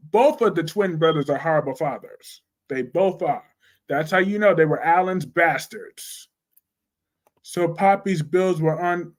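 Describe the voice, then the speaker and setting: A young man hosting a casual live chat about soap operas, blunt and animated, answering viewer comments with slang. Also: a little high.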